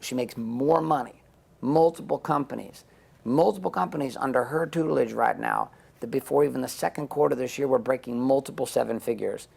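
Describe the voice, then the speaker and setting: Blunt, profane man with a gravelly voice. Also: mid-range voice. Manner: blunt, profane, storytelling with acted-out quotes. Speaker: interview guest. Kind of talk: intense candid interview talk.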